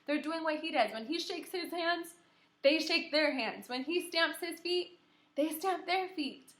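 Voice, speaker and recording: A young woman teacher reading a story aloud to kindergarteners, animated and encouraging, asking the children questions. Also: extremely high pitch, a little slow. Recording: echoey room.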